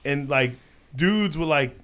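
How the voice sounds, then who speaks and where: A man who is a comedian guest on a podcast, telling stories in casual chat with animated, playfully boastful talk. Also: fairly high pitch, slow pace.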